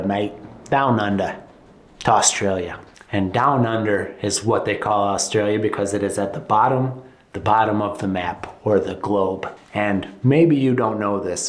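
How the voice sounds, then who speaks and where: A man giving a casual, playful video lesson with jokey asides. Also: on the low side. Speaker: English teacher. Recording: roomy echo.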